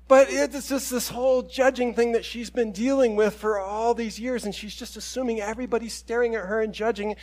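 A man's voice: sits high, a little fast. A man preaching a conversational sermon, telling stories with quoted voices and self-deprecating humor. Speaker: pastor.

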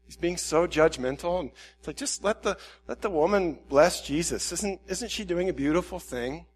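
A man with a fairly high voice gives a reflective sermon in a candid, self-questioning way. He works through his doubts out loud and acts out the questions he asks himself. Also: expressive, moderate pace, breathy edge. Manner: candid, self-questioning, with quoted inner dialogue.

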